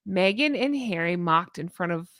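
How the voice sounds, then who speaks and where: A woman's voice: fairly low pitch, animated, moderate pace, fairly bright tone, dry recording, clean studio sound. A woman giving casual, sarcastic reaction commentary in a chatty vlog, laughing often. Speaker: commentary vlogger.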